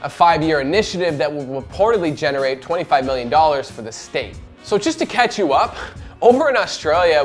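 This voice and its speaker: A man hosting esports news, delivering scripted commentary in a wisecracking, profane way. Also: a little high.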